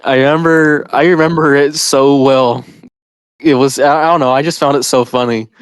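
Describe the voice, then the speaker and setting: A man's voice: mid-range voice, steady tone, normal speed, clear, resonant tone, no room sound. A man chatting casually on a podcast, rambling with lots of fillers and frequent laughs. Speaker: podcast host. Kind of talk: casual chat.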